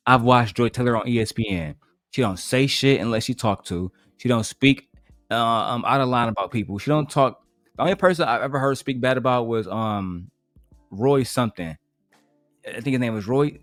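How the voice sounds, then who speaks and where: A man's voice: medium pitch, dry recording. A man hosting a reaction livestream, talking in a blunt, profane, ranting way. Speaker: livestream host. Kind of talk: casual reaction stream chat.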